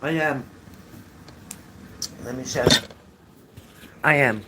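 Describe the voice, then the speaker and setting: A man's voice: medium pitch, takes it slowly, pushed and bright, slight background noise. An older man hosting a casual livestream from home, talking into a phone or webcam, chatty and repeating himself as he tells stories with frequent laughs. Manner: chatty storyteller who laughs often, repeats phrases. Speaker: livestream host.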